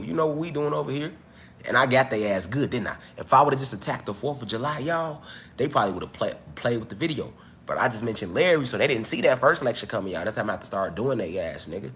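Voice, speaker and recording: A man's voice: fairly high pitch, a bit bright. A man hosting a casual livestream at home, talking straight to his viewers in loose slang, with a cough as he gets over an illness. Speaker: livestream host.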